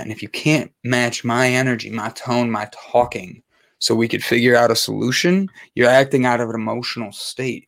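A man's voice: mid-range voice, creaky, dry recording. A man hosting his own show, talking candidly and emphatically about mental health, repeating phrases and swearing for force. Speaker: podcast host. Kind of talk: personal monologue on mental health.

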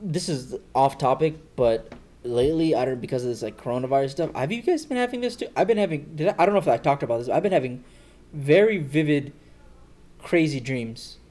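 A man's voice: on the high side, expressive, brisk, mellow. A young man co-hosting a casual podcast chat, telling stories with lots of laughter and swearing. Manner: laughing storyteller, swears freely. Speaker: podcast co-host. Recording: faint background noise.

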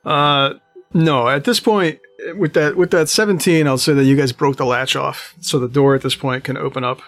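A man running a tabletop game as game master. He has a gravelly, creaky voice and describes scenes in a meandering way, full of fillers. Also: medium pitch, fairly even intonation, moderate pace, a bit bright, soft background music.

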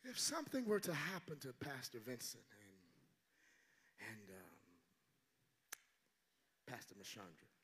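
An older man preaching a sermon as a guest pastor, shouting in call-and-response. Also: medium pitch, huge pitch swings, measured pace, long pauses.

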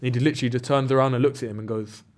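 Male co-host, mid-pitched, animated storyteller, laughs a lot. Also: racing. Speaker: podcast co-host. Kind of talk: casual football podcast chat.

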